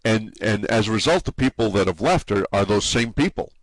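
A man's voice: on the low side, animated, no echo. A man with a New England accent, talking in a casual interview about his forum and its people, stumbling and restarting his sentences often. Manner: halting, many restarts and repeated words. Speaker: forum site owner being interviewed.

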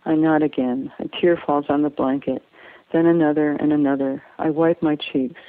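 A woman's voice: sits low, fairly even intonation, moderate pace, no echo. Woman reading a memoir over a tinny line. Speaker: memoir reader. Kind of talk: first-person story reading. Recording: tinny phone-like dry sound.

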